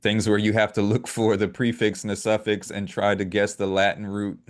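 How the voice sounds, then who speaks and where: A man co-hosting a political talk show, speaking in a measured, hesitant way with a dry humor. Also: on the low side, flat delivery. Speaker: podcast co-host.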